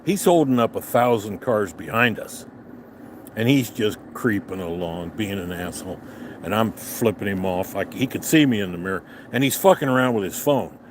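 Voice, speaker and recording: A man's voice: lowish voice, moderate pace, a little hiss or hum. An older man vlogging, telling a profane, angry story about a road clash, swearing heavily as he talks outdoors. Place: outdoors on a restaurant patio.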